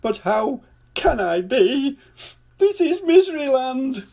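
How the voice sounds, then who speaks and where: A man voicing a weepy, unhappy male king who wails and sobs his lines in a high, strained voice. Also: wildly swooping pitch, unhurried, darkish tone, slightly rough, exaggerated voice. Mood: weeping. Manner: wailing and sobbing, high and strained.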